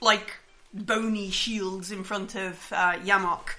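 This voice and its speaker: A woman's voice: mid-range voice, steady tone, slow, bright, forceful tone. A woman narrating a tabletop game as game master, hesitant and laughing often.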